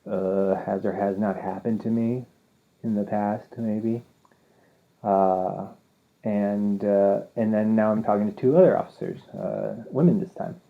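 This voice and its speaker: A man's voice: fairly low pitch, a little slow, gravelly. A man hosting a podcast, telling a rambling, self-deprecating story in a casual monologue and acting out the people in it. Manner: rambling, self-deprecating, acts out quoted dialogue. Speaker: podcast host. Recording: tinny phone-like audio.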